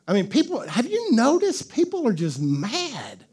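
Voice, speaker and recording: A man's voice: extremely high pitch, huge pitch swings, unhurried, a little mellow, slightly rough. A male pastor preaching a sermon in a conversational, joking style, with call-and-response to the congregation.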